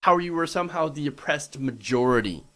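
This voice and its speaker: A man's voice: fairly high pitch, lively intonation, a little fast, pushed and bright. A man delivering an indignant, sarcastic commentary monologue, calling out bigotry and swearing freely. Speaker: political commentator.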